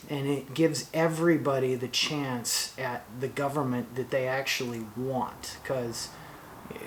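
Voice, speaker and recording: A man of medium pitch speaks at an unhurried, measured pace, delivering an opinion monologue straight to the camera. He pauses often, restarts sentences and fills gaps with ums. A faint hiss sits under his voice. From Oregon. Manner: slow, deliberate, with hesitant fillers and restarts. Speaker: workshop channel host.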